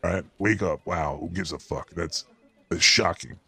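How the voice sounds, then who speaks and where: Low-pitched, bright and forceful, this heavily acted gravelly voice belongs to a man playing a cartoon rat show host. The paranoid, foul-mouthed rat rants crudely and in exasperation about the news as comedy, spoken at normal speed with no echo.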